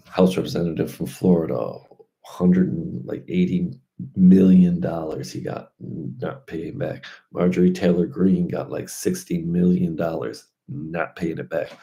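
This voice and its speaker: A man's voice: deep voice, vocal fry, dark tone. A man talking casually and loosely in slangy speech, drifting from point to point in a vlog monologue. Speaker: crypto vlogger.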